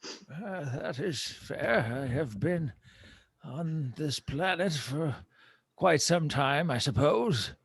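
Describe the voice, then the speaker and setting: A man's voice: a little high, lively intonation, takes it slowly, gravelly, breathy edge, dry recording, full character voice. A man playing a polite, mild old adventurer who talks in a formal, apologetic way.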